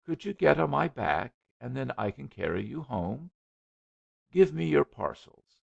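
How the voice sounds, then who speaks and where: A man voicing a nervous, overly polite young gentleman, on a dull lo-fi recording. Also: medium pitch, very animated, measured pace, gravelly, slightly rough, no room sound, pitched above the performer's own voice, heavily acted. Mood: flustered. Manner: hasty, flustered.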